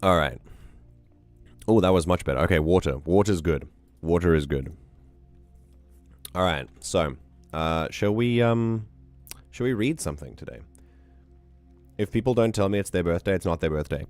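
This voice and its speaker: Low-voiced hoarse man chatting on stream. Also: normal speed, pauses often, a little mellow, no echo, faint music behind. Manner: playful, teasing and talkative. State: hoarse, losing his voice. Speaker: livestream host. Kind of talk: casual livestream chat.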